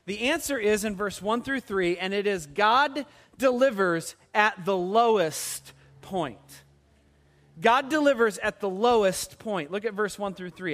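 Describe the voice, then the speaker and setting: A man preaching a sermon as pastor, animated and putting questions to the congregation. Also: sits high, a little slow.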